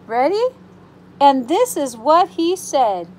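High, slow-paced woman reading to children. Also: slight background noise, rough recording. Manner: animated storytime voice with gasps and exclamations; gentle, reassuring asides to children. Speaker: preschool teacher. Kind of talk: reading a picture book aloud to young children.

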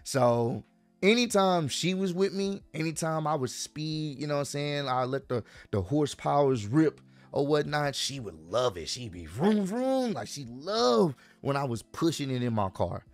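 A man's voice: on the high side, normal speed. Slangy young man telling a story. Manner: slangy, animated, talks straight to viewers. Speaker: vlogger telling a personal story. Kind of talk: casual storytime monologue.

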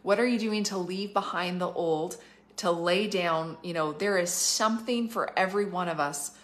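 A middle-aged woman from Canada giving livestreamed prophetic teaching, emphatic and fervent, slowing down to stress key phrases and rushing through asides. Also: fairly low pitch. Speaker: prophetic minister and school leader.

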